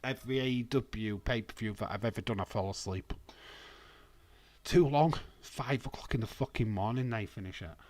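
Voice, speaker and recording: A man's voice: fairly low pitch, brisk, hardly any pauses. A Welsh man from Wales, hosting a wrestling watch-along stream with rambling, jokey, sweary casual commentary on a close mic.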